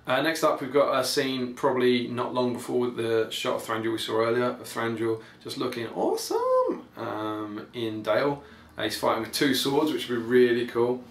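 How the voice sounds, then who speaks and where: A man's voice: medium pitch, fairly even intonation, normal speed, hardly any pauses. A man hosting a podcast, giving casual, rambling and enthusiastic commentary full of ums. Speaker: podcast host. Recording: echoey room, faint background noise.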